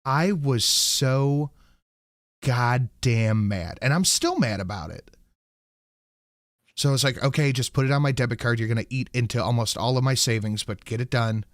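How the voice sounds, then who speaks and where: A man hosting a podcast, telling an angry story full of swearing and quoting himself loudly. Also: medium pitch, a little fast, dry recording, studio quality. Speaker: podcast host. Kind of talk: casual ranting chat.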